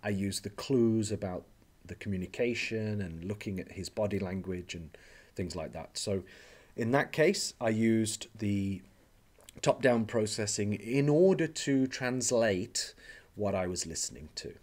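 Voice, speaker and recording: A man teaching a recorded slide lecture, explaining step by step and often checking in with "okay?", slowing down on key terms. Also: on the low side, animated, darkish tone. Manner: speaks slowly on key terms. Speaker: language teacher trainer.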